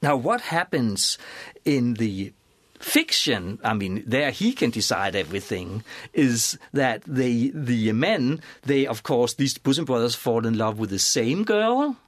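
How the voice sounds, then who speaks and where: Male expert guest, animated storyteller, frequent restarts, dry close mic. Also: medium pitch, a little slow, dry recording. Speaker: author and scholar guest. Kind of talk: conversational expert explanation.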